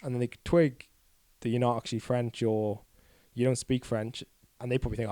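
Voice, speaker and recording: A man's voice: medium pitch, a little fast, few pauses, mellow, no echo. A young man, a podcast guest talking candidly and a bit ramblingly, poking fun at himself. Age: 20s. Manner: candid, rambling, self-deprecating. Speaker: guest cyclist. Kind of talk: casual podcast chat.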